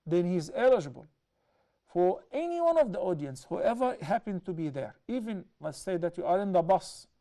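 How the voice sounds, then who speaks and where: Guy with teaching a religious lesson, dark mellow tone, slow and careful, keeps rephrasing. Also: high-pitched, big pitch swings. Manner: measured, explanatory, with repeated self-corrections. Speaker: Islamic teacher. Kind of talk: explaining a hadith to a class.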